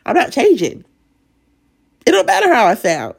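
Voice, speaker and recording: A woman with a raspy, sinus-strained voice giving an emotional, earnest faith talk as a Bible study leader, stuttering and restarting as she goes. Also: sits high, wildly swooping pitch, normal speed. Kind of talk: casual devotional talk.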